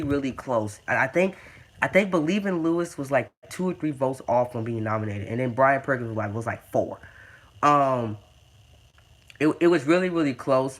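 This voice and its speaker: Stammering young man, excited. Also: fairly high pitch. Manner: stammering, repeats words, says dude and man a lot. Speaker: gaming video host. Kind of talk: casual game commentary.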